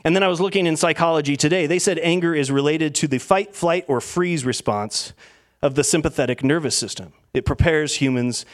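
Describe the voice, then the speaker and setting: A man's voice: fairly high pitch, brisk. A man preaching a sermon as pastor, talking in a casual storytelling way with plenty of fillers.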